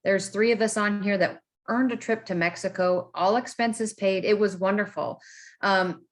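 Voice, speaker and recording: A woman's voice: medium pitch, fairly even intonation, normal speed. A woman co-hosting an online business presentation, talking eagerly and enthusiastically. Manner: enthusiastic, eager, apologetic over slips. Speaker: co-host. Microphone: video call.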